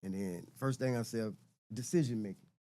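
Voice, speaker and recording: A man's voice: on the low side, moderate pace, mellow. A middle-aged man and podcast guest talking casually and reflectively, often repeating words as he searches for them. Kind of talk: casual conversation.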